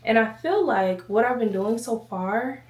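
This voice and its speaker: A woman's voice: a little high, animated, a little slow. A woman vlogger chatting casually to camera at home, slightly out of breath, rambling and addressing viewers as y'all. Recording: echoey room, voice from a distance.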